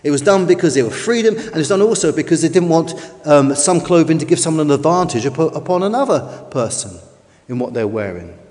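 A man preaching a sermon emphatically, leaning on slow, drawn-out stresses. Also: on the high side, expressive, a little mellow. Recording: long reverb of a large hall.

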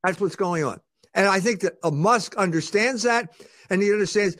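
A male guest in an argumentative interview makes his case in a high-pitched, fairly bright voice at normal speed. He uses rhetorical questions and keeps restarting sentences, repeating words as he begins them.

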